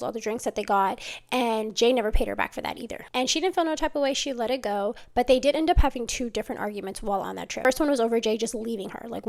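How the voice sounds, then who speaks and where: A woman telling a friendship drama story in a chatty, casual way, full of "like" and fillers. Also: fairly high pitch. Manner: chatty, lots of "like", gossipy retelling. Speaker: commentary vlogger.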